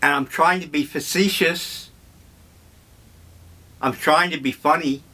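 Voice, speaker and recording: An older man vlogging, telling memories in a slow, wry, meandering way. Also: a little high, steady tone, bright, forceful tone. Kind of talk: casual reminiscing monologue.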